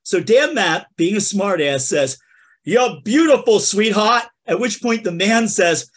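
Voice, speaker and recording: An animated man with a high-sitting voice speaks a little slowly as he hosts a comedy podcast. His storytelling is playful and funny, aimed straight at listeners he addresses as folks.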